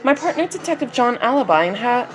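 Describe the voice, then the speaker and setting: A woman's voice: fairly high pitch, sing-song, fast talker, faint music behind, voice pushed up. A woman reading as a polite woman detective. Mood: polite, probing. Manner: polite, questioning.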